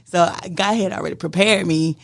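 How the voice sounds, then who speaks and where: A woman's voice: on the low side, steady tone, a little fast, creaky. A woman, a catering co-owner, chatting on a podcast and adding her side of her husband's story.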